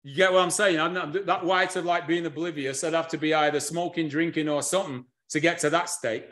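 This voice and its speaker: Energetic male speaker, high-pitched for a man, animated lecturing delivery. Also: brisk. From United Kingdom. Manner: energetic, animated presenting with audience tasks. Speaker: history and culture speaker. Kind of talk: lively lecture.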